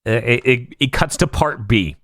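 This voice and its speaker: A man on a casual podcast recapping anime episodes, laughing often and acting out characters' lines in quick voices. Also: medium pitch, fairly bright tone, dry recording, studio quality. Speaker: podcast co-host.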